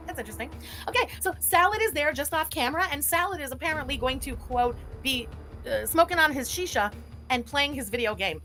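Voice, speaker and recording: Fast-talking, high-voiced sarcastic woman host. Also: expressive, bright, forceful tone, faint music behind. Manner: sarcastic, chatty, laughs often. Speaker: commentary channel host. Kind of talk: livestream reaction commentary.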